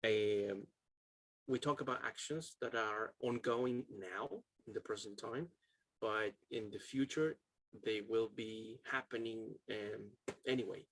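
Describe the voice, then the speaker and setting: A man's voice: fairly low pitch, fairly even intonation, measured pace, fairly bright tone, no room sound. A man with a Chilean Spanish accent teaching an English lesson on a video call, casual and chatty, with many ums and uhs. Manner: casual, chatty, laughs often, fills with um and uh. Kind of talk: online class.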